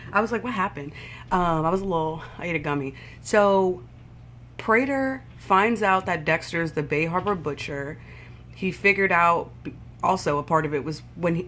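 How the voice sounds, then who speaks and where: A woman vlogger recapping a TV episode in a casual, profane, animated storytelling way, with sound effects. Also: lowish voice, slight background noise.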